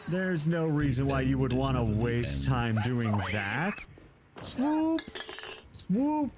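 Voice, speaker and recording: A man's voice: medium pitch, steady tone, unhurried. A man streaming a game live, chatting with viewers and joking around. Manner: playful, joking, laughs often. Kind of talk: casual live gameplay commentary.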